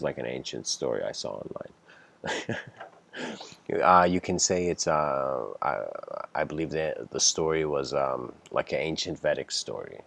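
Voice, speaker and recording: A man's voice: a bass voice, gravelly. A young man giving a casual spoken lecture, rambling with many fillers and restarts and voicing the people in his story. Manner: acts out characters in the story with raised voice.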